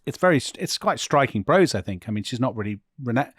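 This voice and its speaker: Male podcast co-host: lively, chatty storyteller who laughs easily. Dry, close studio sound. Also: medium pitch, fast talker, breathy edge, no echo. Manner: animated, laughs often while telling a story. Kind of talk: casual conversational storytelling.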